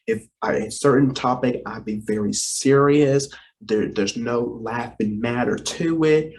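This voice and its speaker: A young man in his twenties, a vlogger and talk show co-host, talks casually to camera in a medium-pitched voice and an unhurried delivery. His playful, rambling tone shifts from teasing to apologetic, and he repeats himself and keeps addressing the viewers as "you guys."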